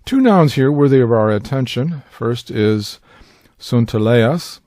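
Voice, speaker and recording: A man giving a scripted Bible word study, speaking in a measured, deliberate way and pronouncing Greek terms with care. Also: medium pitch, very animated, mellow, no room sound, studio quality. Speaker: Bible teacher.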